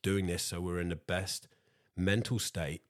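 A very low-pitched man chatting away on his own podcast, talkative and casual, often calling his listeners guys. His voice is close and dry, with no room sound around it. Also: fairly even intonation, a little slow, no room sound. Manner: talkative, addresses listeners as guys, repeats himself. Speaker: podcast host. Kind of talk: solo motivational podcast chat.

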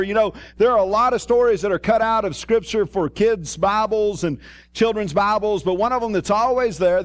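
A middle-aged man, a pastor, giving a conversational sermon and telling stories with acted-out quotes. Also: high voice. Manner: conversational storytelling, acts out quoted voices.

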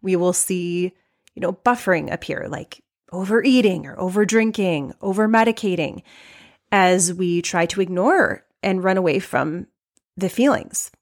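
A middle-aged woman hosting a life coaching podcast, talking openly and reflectively about feeling sad, with frequent restarts and soft pauses. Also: lowish voice, animated. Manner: open, reflective, with many restarts and soft laughs. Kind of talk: personal podcast monologue.

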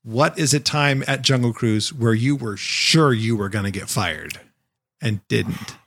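A man's voice: mid-range voice, unhurried, gravelly, fairly bright tone. A man co-hosting a podcast, telling a long story in casual chat and acting out the quotes as he goes. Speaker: podcast co-host, former Jungle Cruise skipper.

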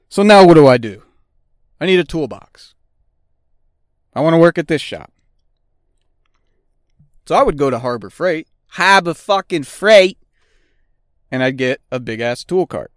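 A man's voice: a little high, dry recording, studio quality. A middle-aged man hosting a podcast, talking bluntly and swearing constantly in a casual monologue. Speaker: podcast host; auto technician.

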